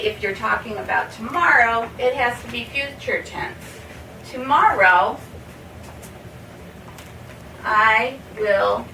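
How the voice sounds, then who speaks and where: Slow, clear woman teacher in echoey room. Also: a little high, pushed and bright. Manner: speaks example sentences word by word, often asks "okay?". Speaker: English teacher. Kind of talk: slow classroom explanation. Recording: roomy echo, from a distance, faint hiss.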